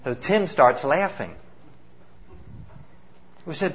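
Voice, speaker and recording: A man, a missionary, telling stories of the people he works with in an animated, emphatic way, acting out the voices of those he quotes. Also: fairly high pitch, moderate pace. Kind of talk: spoken testimony storytelling.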